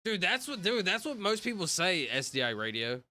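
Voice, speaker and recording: A man's voice: high voice, big pitch swings, normal speed, pushed and bright, faint music behind. A young man livestreaming, chatting casually with viewers in a rambling way full of fillers. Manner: rambling, talks to chat, many fillers.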